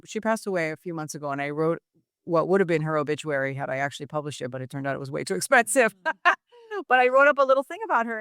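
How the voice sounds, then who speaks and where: A woman's voice: medium pitch, no room sound. Chatty Miami-raised woman, dry sound. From Miami, Florida. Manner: chatty, animated storytelling with frequent asides. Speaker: guest writer. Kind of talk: conversational interview.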